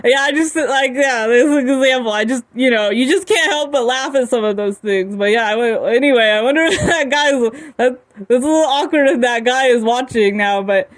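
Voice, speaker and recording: Young woman vlogger, high voice, halting casual rambling with constant giggles, talking from her room. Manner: halting, many restarts, frequent giggling.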